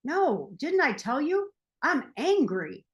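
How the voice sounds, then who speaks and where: A woman's voice: on the high side, big pitch swings, normal speed, fairly bright tone. A woman voicing a grumbly, angry man who is still hung up on his past, complaining and escalating.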